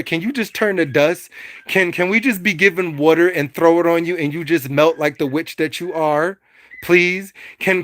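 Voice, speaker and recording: A man's voice: sits high, a bit bright, no room sound, studio quality. A man hosting a casual livestream, talking animatedly and preachily to his chat, often stuttering on repeated words. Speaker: livestream host.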